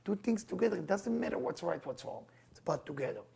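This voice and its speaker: A middle-aged man gives a storytelling talk to a group as their teacher. His voice has a gravelly, husky edge, and he moves quickly in and out of the voices of the people in his stories. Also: high voice. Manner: animated, acts out quoted dialogue. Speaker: Kabbalah teacher.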